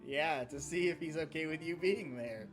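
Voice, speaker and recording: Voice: mid-range voice, moderate pace, music in the background. A game master narrating a tabletop game, loose and chatty with frequent laughs.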